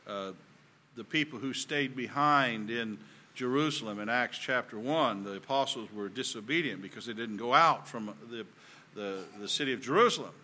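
A man's voice: mid-range voice, normal speed, sharp tone. A man with a Southern US accent preaching a sermon in an earnest, folksy way that builds in emphasis.

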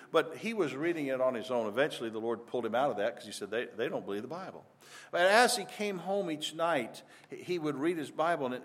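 Older man preaching a plain, earnest sermon. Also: medium pitch. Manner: earnest, conversational preaching with frequent restarts. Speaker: pastor.

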